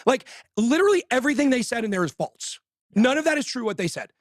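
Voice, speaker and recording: A man hosting a show, shouting angry, fired-up insults in a breathless rant. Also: very high-pitched, very animated, quick pace, dry recording, studio quality. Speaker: host. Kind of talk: ranting livestream talk.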